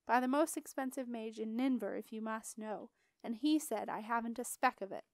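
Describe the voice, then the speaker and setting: A woman reading as a sullen young girl who snaps back defiantly, her voice fairly high and smooth. The reading sounds close and dry, with no room around it. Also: moderate pace, no room sound, lightly acted. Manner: snapping, defiant.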